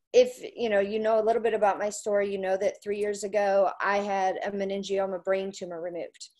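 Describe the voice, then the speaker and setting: A woman, a country music radio personality, telling anecdotes in a casual chat and acting out what others said. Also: mid-range voice. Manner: animated storyteller who acts out quoted voices.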